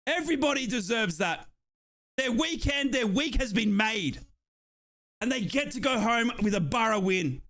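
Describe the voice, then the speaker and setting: Hoarse, tearful Australian man shouting. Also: extremely high pitch, expressive, a little slow, pauses often. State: hoarse, crying. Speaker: fan watchalong streamer. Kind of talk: live fan watchalong reaction.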